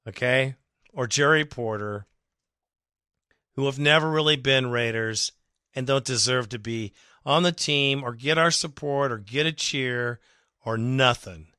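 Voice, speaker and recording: Ranting man, bright voice, dry sound. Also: medium pitch, clean tone, no room sound. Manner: emphatic, exasperated ranting. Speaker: fan podcast host. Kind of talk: ranting sports commentary.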